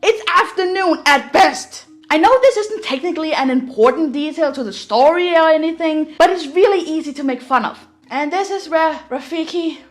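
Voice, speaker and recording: A woman's voice: sits high, moderate pace, few pauses. A young woman giving an opinionated, sarcastic movie review for her video channel. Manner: sarcastic, exasperated critique. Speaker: video commentator. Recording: faint music behind voice.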